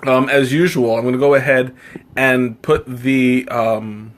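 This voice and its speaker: A man's voice: mid-range voice, steady tone, measured pace. A man hosting a casual live tea-tasting stream, chatting to his viewers in a rambling, self-interrupting way, laughing often and teasing himself. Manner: playful, self-mocking.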